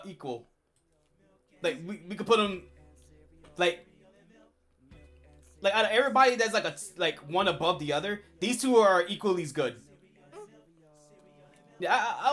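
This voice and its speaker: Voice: medium pitch, fairly bright tone. A streamer chatting casually on a livestream, rambling with lots of fillers and restarts.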